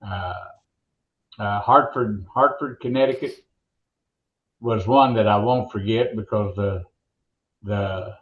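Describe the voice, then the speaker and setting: A man's voice: on the low side, takes it slowly, long pauses. An older man, a veteran announcer, telling stories and jokes in a rambling, folksy way during an interview. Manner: folksy joke-teller, rambling restarts. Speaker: veteran monster truck announcer, guest. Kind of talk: casual interview storytelling. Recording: echoey, muffled remote line.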